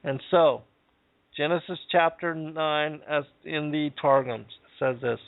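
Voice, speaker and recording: A man hosting a talk show, reading scripture passages aloud and commenting on them in a measured way. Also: on the high side, creaky, no echo. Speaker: podcast host. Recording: dry phone-like audio.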